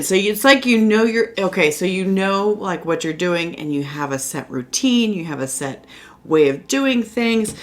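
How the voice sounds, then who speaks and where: Lady doing a laid back tarot read at home, talks low, lots of likes and you knows. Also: expressive, normal speed, faint music behind. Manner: chatty and reassuring, many fillers. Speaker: tarot reader. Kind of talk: casual spoken tarot reading. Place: indoors at home by a window.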